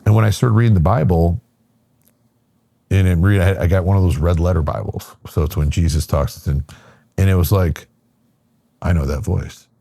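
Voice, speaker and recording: Middle-aged male guest, very low pitch, gravelly husky voice, animated storyteller, dry close sound. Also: normal speed, long pauses, no room sound. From Michigan, USA. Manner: animated storyteller acting out quotes, lots of fillers. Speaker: podcast guest. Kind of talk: casual storytelling conversation.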